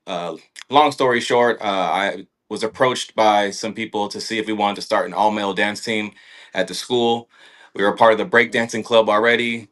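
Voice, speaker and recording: Laid-back, lower-voiced man telling stories. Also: sharp tone. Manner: laid-back storyteller with dry humor. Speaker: podcast guest, dancer and choreographer. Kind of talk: casual chat.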